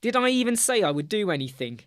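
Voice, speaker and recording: A man's voice: sits high, big pitch swings, fast talker, a bit bright, no room sound, studio quality. A middle-aged man with a British accent hosting a casual live chat, talking to viewers by name in a chatty, teasing way. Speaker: livestream host.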